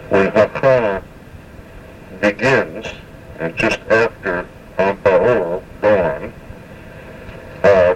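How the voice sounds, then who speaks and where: A man giving a spoken language lesson, slowly and carefully repeating words to show their pronunciation, with many hesitations. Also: lowish voice, distant mic, lo-fi sound, a little hiss or hum. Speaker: language teacher.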